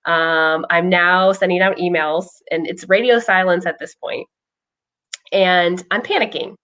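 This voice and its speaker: A woman's voice: on the low side, fairly even intonation, unhurried, a bit bright. A woman speaking as a behavioral health clinician, casually telling a personal story with frequent ums. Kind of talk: casual explanatory chat.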